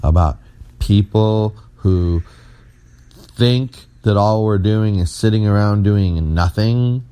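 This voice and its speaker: A man's voice: lowish voice, slow, dark tone, clean tone. A man co-hosting a podcast, talking in a rambling, playful, teasing way and sounding tired. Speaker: podcast co-host. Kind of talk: casual chat.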